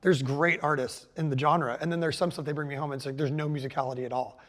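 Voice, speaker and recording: A man's voice: fairly high pitch, steady tone, quick pace, fairly bright tone. A man in his forties, a guest musician chatting casually in an interview, loose and rambling with lots of "like" and "you know". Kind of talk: casual conversation.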